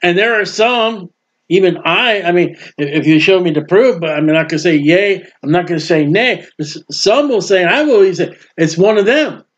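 A man preaching a sermon with emphasis, swinging between loud proclaiming and quiet asides. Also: high voice, normal speed, dull audio.

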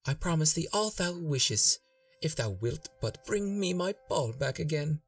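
A man voicing a young spoiled princess in a fairy tale reading, raising his voice higher. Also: expressive, measured pace, distant mic, faint music behind. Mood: eager.

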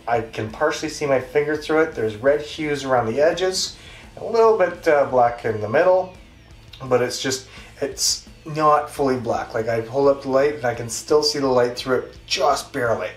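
Hosting his laid-back beer review, a Western Canadian man speaks at a normal speed in an expressive, mid-range voice with a Canadian accent. He rambles chattily and pokes fun at himself; the echoey room, distant mic, and faint music are audible.

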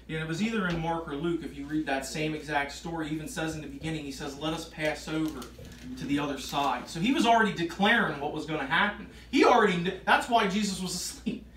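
Reading scripture aloud at an informal Bible study, this man grows emphatic as he explains it. His voice is a little high and a bit bright, and he talks fast. The room is echoey, he sounds far off, and there's faint noise.

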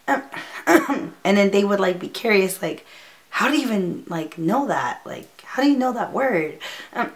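Slow-talking young woman vlogger, rambling. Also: lowish voice. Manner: rambling, many fillers, laughs nervously. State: near tears at times. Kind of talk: casual storytime.

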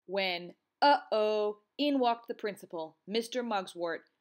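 A woman teacher reading a children's storybook aloud, in an expressive, sing-song way. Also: mid-range voice, a little slow.

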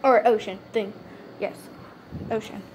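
A woman's voice: mid-range voice, fairly even intonation, unhurried, a little mellow, slight background noise. A young woman vlogger telling a story in casual chat, with a stutter and many fillers and restarts.

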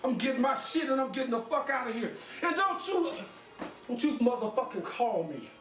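An actor playing a recovered addict who now counsels others, warm and chatty at times, explosive and profane at others, heard in a roomy film mix over a music score. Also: male voice, medium pitch, a little fast, far from the mic, lightly acted. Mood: furious, shouting. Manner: steady and warm-hearted, fills talk with "you know"; explosive profane yelling when angry. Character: recovered addict husband, counselor running a group home. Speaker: counselor and husband. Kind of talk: film acting.

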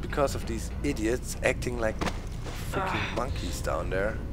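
A man's voice: on the low side, lively intonation, measured pace, over loud music. Frustrated man ranting over gameplay. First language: German. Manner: swearing, frustrated outbursts at the game. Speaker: gaming video host. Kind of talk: live gameplay commentary.

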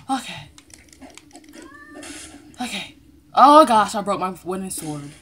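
A young woman casually commenting on a story game as she plays, excitable, laughing and shrieking when panicked. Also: mid-range voice, drawn-out words, a little hiss or hum. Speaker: gamer playing through a story game.

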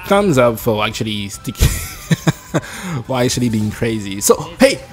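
Excitable man narrating his own gameplay. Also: medium pitch, takes it slowly, pauses often, slightly rough, soft background music. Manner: excitable, jumpy, talks to himself while playing. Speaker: gameplay streamer. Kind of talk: live gameplay commentary.

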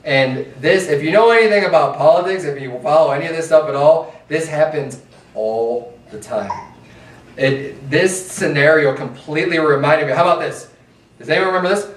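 A man's voice: a little high, moderate pace, echoey room, distant mic. A man preaching a sermon in a church in a loose, conversational way, mocking his opponents with chanted slogans. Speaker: pastor. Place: church sanctuary.

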